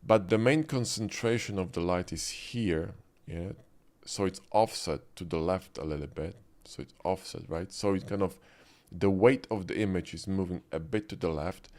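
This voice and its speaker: Man, deep low voice, software tutorial voice-over, casual check-ins, desktop mic. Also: moderate pace. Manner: conversational, frequent "right?" and "okay?" check-ins. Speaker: 3D art instructor. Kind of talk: screen-recorded software tutorial.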